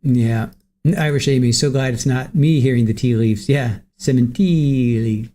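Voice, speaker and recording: A man's voice: mid-range voice, unhurried, mellow. A man hosting a livestream, greeting viewers from the chat by name and chatting casually while waiting for court to start. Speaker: livestream host.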